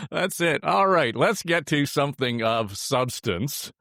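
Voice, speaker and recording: A man's voice: fairly high pitch, lively intonation, takes it slowly, vocal fry, a bit bright, no echo, clean studio sound. An older man hosting a political podcast panel in an easygoing, chuckling way. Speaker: podcast host. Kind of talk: casual panel chat.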